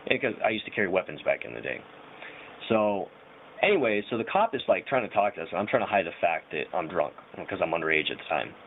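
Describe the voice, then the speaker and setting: A man's voice: deep voice, big pitch swings, fast. A young man casually telling a rambling personal story, full of slang and fillers. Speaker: vlogger. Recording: tinny phone-like audio with faint hiss.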